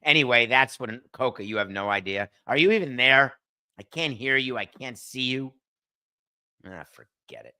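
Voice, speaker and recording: Male podcast host, middle-aged, blunt solo commentary, bright and punchy tone. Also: mid-range voice, moderate pace, clean tone. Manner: blunt, sarcastic, talks straight to a producer. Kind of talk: opinionated solo sports and TV commentary.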